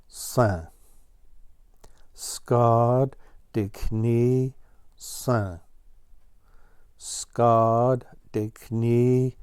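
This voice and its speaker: A man's voice: mid-range voice, a little mellow, smooth, no echo, clean studio sound. A man voicing a fussy, easily exasperated ground squirrel in a storybook, correcting and emphatic. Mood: flustered.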